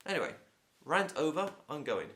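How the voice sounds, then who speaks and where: A man's voice: fairly high pitch, normal speed. A man from England with a Home Counties accent, an English teacher chatting casually to camera with a sore throat and blocked nose. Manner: chatty, opinionated, lively.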